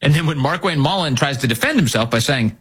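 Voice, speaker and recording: A man's voice: on the high side, expressive, fast, a bit bright, breathy edge. A man hosting political commentary, reading emails and news with a sarcastic, mocking manner.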